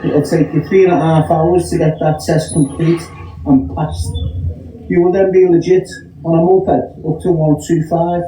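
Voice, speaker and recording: A man's voice: on the high side, flat delivery, moderate pace, mellow. A man giving matter-of-fact advice in a self-filmed clip. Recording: roomy, distant clip with faint music.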